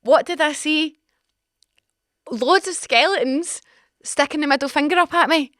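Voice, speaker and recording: A young woman in her twenties with a Scottish accent, hosting a podcast and telling a frank, animated story in casual chat. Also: sits high, measured pace, no echo, studio quality. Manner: animated, dramatic, swearing, frank. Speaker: podcast host. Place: small podcast studio. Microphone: studio mic.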